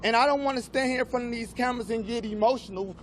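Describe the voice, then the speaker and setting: A man's voice: very high voice, fast talker, a little hiss or hum. A young male student activist speaking emphatically at a press gathering, from Chicago. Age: young adult. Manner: passionate, emphatic public speaking.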